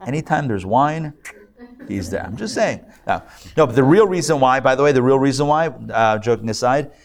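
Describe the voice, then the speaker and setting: A man's voice: mid-range voice, expressive, normal speed, gravelly. A man, a rabbi, teaching a live class in a joking, conversational way and checking in with his audience. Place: lecture room with a live audience and online viewers.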